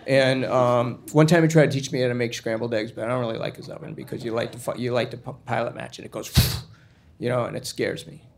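A man's voice: mid-range voice, fairly even intonation, fast talker, creaky, a little hiss or hum, close to an everyday voice. A man voicing an earnest young boy who rambles breathlessly in a raised voice.

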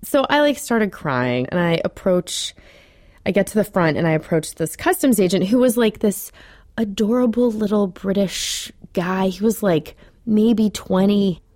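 A woman's voice: mid-range voice, unhurried, dry recording, studio quality. Chatty woman telling her story. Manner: chatty, animated, many fillers like "like"; laughs often while telling the story. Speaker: interview guest telling a personal story. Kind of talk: radio interview storytelling.

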